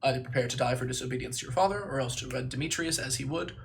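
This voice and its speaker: A man streaming live, thinking aloud and reciting memorized lines in quick bursts, stopping to correct himself. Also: mid-range voice, vocal fry, fairly bright tone, slight background noise. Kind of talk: casual livestream chat, reciting lines from memory.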